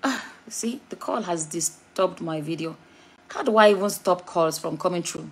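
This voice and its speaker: Husky-voiced Nigerian woman vlogging. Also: lowish voice, normal speed. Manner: chatty, digressive, frank. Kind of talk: casual commentary to camera.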